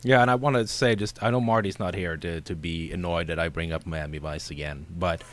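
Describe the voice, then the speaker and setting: Low voiced dude on a movie podcast, dry jokey asides, casual chat. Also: male voice, fairly even intonation, brisk. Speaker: podcast co-host.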